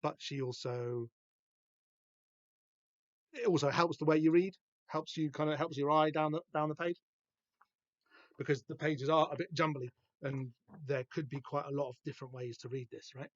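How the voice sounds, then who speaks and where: A man hosting a podcast, talking through a comic book in a rambling, halting way with lots of fillers and restarts. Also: on the high side, steady tone, no room sound. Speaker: podcast host. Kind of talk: casual comic book discussion. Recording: dull, dry lo-fi podcast recording.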